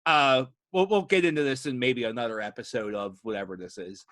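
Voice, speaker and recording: A man hosting a casual wrestling chat, telling rowdy, profane stories and acting out quotes loudly. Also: mid-range voice, brisk, no room sound, clean studio sound. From Philadelphia area. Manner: rowdy storyteller, swears a lot, acts out quotes loudly. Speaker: podcast host.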